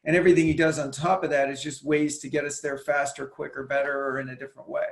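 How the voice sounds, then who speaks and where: Male guest, operations chief, casual interview answers, slightly high voice, roomy sound, repeats words mid-thought. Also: level tone, quick pace, creaky. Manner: thoughtful, repeats words while building a point. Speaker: COO and guest.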